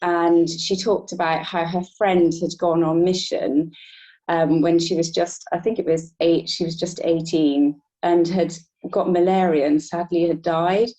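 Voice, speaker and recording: A woman guest telling a personal story in a relaxed interview, often laughing lightly between thoughts. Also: on the low side, measured pace. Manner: reflective, laughs between thoughts, many restarts. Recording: dull lo-fi sound.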